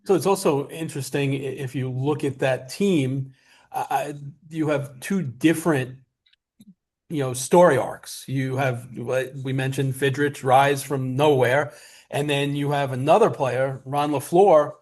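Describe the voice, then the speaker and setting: A man's voice: medium pitch, steady tone, measured pace, a little mellow. A man hosting a film Q&A, asking meandering, conversational questions. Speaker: event host.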